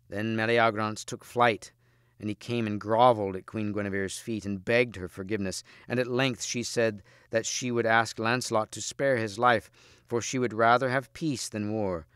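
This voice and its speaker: Smooth low-voiced man reading a storybook. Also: dry recording, studio quality. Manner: steady, measured reading aloud. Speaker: teacher reading aloud. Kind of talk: audiobook storybook narration.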